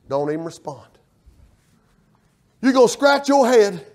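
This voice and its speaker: High-voiced preacher, folksy and fervent. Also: male voice, normal speed, pauses often. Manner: loud, animated preaching with folksy storytelling. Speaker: pastor. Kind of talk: sermon.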